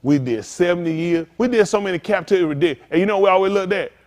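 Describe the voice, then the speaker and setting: A man's voice: high voice, fast, darkish tone. A man preaching a sermon as pastor, with call-outs to listeners and acted-out asides.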